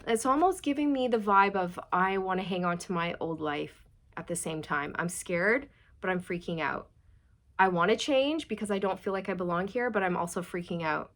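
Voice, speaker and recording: A woman's voice: medium pitch, normal speed, fairly bright tone. A woman giving a casual tarot reading to her viewers, chatty and direct, asking many rhetorical questions. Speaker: tarot reader.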